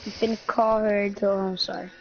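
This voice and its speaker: A woman's voice: medium pitch, flat delivery, a little fast, faint music behind. A woman improvising a roleplay, asking short, flustered questions, in a lo-fi recording. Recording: dull lo-fi recording.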